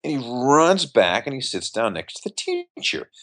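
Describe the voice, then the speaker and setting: A middle-aged magician in an interview tells stories, animatedly acting out the voices of the people in them. He speaks in a mid-range voice at a moderate pace.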